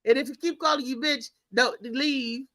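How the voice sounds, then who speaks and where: A woman hosting a live talk show, chatting in a lively, slangy way and laughing often. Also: high-pitched, moderate pace, no room sound, rough recording. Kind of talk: casual live show chat.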